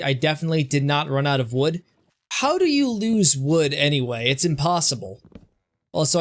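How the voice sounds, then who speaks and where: A young man streams a game and chats casually about it, his voice a little high. He's self-deprecating and keeps fumbling his words, jumping back in with quick restarts.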